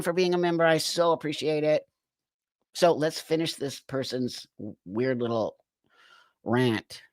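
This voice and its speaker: A man's voice: on the high side, no room sound. A man hosting a livestream, reacting to clips with incredulous, exasperated commentary and frequent laughter. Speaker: livestream host.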